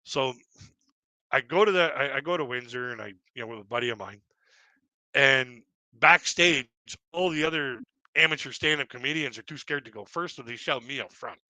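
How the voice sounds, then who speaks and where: Bright-voiced Canadian man telling stand-up stories. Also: medium pitch, moderate pace, dry recording. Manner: rambling, self-deprecating, laughs at his own jokes. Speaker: stand-up comedian. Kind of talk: stand-up storytelling on a live stream.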